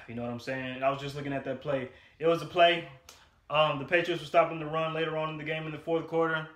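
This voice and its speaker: A man's voice: fairly high pitch, little pitch movement. Frustrated young man ranting, echoey room. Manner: frustrated, loud and emphatic, repeats himself; slang-heavy, talks fast through stats. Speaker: sports fan vlogger. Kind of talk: casual game reaction rant.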